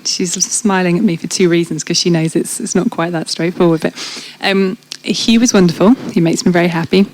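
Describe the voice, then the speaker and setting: A woman's voice: fairly low pitch, steady tone, brisk, hardly any pauses, darkish tone, slight background noise, low-quality recording. Frank, chatty Englishwoman. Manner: frank and chatty, with many fillers and restarts. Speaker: interviewee giving a faith testimony. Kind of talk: casual conversational testimony. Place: church event.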